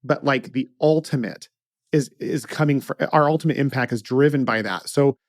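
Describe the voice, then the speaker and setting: A middle-aged man hosting a podcast interview, speaking casually and emphatically, quick to agree with his guest. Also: mid-range voice, no echo, studio quality. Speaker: podcast host.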